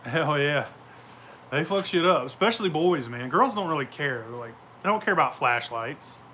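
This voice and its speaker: Bright-voiced, profane storytelling man. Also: a little high, lively intonation, normal speed, a little hiss or hum. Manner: profane, rambling, laughing storyteller. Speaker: vlogger. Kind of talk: casual chat. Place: outdoors at home.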